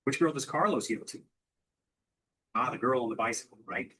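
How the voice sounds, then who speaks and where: A man leads an English lesson as a steady question-and-answer drill. His voice is breathy and a little husky. He asks a simple question, then repeats the answer back clearly. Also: mid-range voice, moderate pace, rough recording. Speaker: English teacher.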